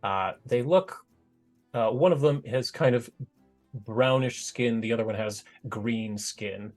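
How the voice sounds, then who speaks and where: A male game master describing a scene in loose, unhurried narration, pausing to reach for his words. His voice is mid-pitched, with soft music playing behind. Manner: loose, rambling narration with fillers.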